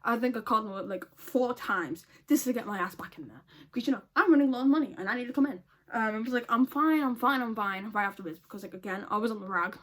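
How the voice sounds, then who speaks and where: A woman's voice: medium pitch, a bit bright. A woman telling a storytime vlog in a casual, blunt way, swearing a lot and laughing often. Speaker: vlogger.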